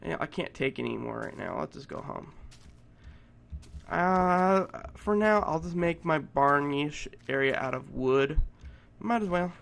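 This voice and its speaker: A man giving let's play commentary, excitable and profane, shouting at game monsters. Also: a little high, unhurried, gravelly. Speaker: gameplay commentator.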